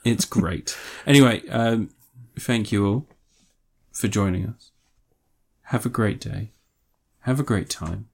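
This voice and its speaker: A man's voice: lowish voice, slow, creaky. A man hosting a podcast in casual chat, joking around, swearing and teasing his co-host.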